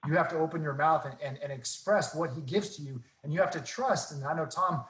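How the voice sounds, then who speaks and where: Man, earnest faith stories, animated retelling, slightly high voice, roomy echo. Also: fairly quick. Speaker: guest. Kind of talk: casual faith talk, storytelling.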